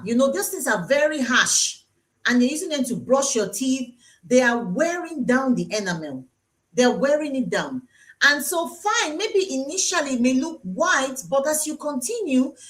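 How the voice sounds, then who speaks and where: A Nigerian woman dentist hosts a live-streamed health talk from her dental clinic, her voice sitting high and a bit bright. She's chatty and teasing, repeating her key points for emphasis.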